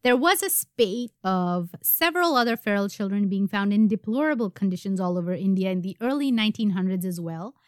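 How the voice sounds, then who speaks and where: A woman's voice: medium pitch, clean tone, dry recording. A woman hosting a podcast, walking her co-hosts through a story in easy conversation. Her voice sounds dry and close, with no room around it, and a laugh is never far off. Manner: relaxed, laughs easily while recounting. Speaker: podcast host. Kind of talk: casual storytelling chat.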